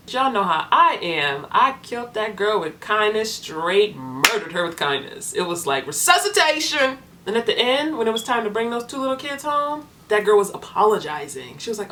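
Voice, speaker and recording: A young woman talking casually to her viewers as a foster parent vlogger, chatty and animated, acting out the people in her stories. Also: medium pitch, moderate pace, hardly any pauses, a little hiss or hum. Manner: chatty, animated storytelling with voiced quotes. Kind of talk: casual vlog chat to viewers.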